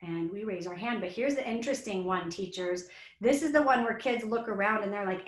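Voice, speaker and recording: A woman with a mid-range voice speaks fairly quickly as she leads a children's yoga breathing exercise in a webinar, with a roomy echo on the recording. She guides both kids and teachers in a soothing, encouraging way.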